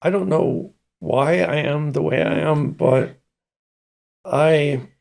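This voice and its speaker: An older man from Mississippi, telling stories slowly and thoughtfully as an interview guest. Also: fairly high pitch, a little mellow. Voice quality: gravelly and husky. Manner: slow, thoughtful storytelling with many pauses. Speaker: guest, pianist and composer. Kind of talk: casual interview talk.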